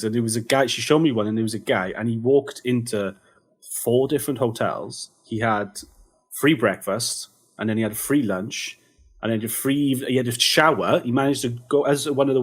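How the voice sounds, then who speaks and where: A man appearing as a podcast guest tells a story in a relaxed way, using a few fillers. His voice is somewhat husky and sits at a middle pitch. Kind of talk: casual podcast chat.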